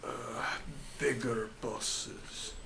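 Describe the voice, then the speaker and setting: A man voicing a frightened captured male gang thug, speaking halting broken English with a heavy put-on Japanese accent. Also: mid-range voice, fairly even intonation, gravelly, background noise. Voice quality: halting, broken phrases with many hesitations.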